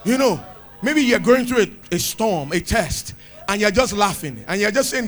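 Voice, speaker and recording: A man preaching a sermon with exuberant shouts, laughter and cries of praise. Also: high voice, lively intonation, moderate pace, faint music behind.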